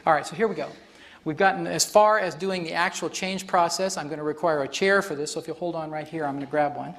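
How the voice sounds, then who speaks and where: On stage before an audience, a man runs a live workshop demonstration, explaining things chattily and laughing a lot. His voice is on the high side, slightly bright and creaky, and he talks fast.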